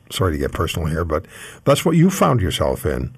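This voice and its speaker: Low, gravelly man hosting an interview, halting delivery, dry close sound. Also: huge pitch swings, dry recording. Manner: halting, searching for words. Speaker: interview host.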